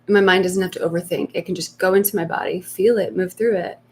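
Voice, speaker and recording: Soft-spoken woman coaching on a live stream. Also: lowish voice, fairly even intonation, slight background noise. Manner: soft, slow and reflective, acting out inner voices in hushed tones. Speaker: meditation coach.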